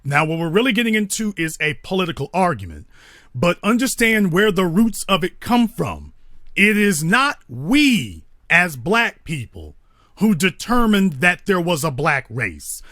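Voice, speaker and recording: A man hosting a call-in show, laying out his argument in an emphatic, lecturing way. His voice is high for a man and swings widely in pitch. The sound is close and dry, with no room around it. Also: big pitch swings, unhurried, sharp tone, no room sound. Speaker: host. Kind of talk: call-in talk show, arguing a point.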